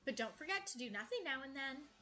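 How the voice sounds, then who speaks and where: A woman reading as a gentle cat villager. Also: high-pitched, very animated, fast talker, heavily acted. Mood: musing. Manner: reading game dialogue aloud lightly. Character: sweet, chatty female cat villager.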